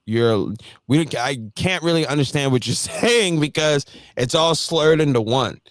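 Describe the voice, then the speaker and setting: A man hosting a casual livestream chat, animated and laughing often as he talks. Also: on the high side, a little slow, no room sound, studio quality. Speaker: host.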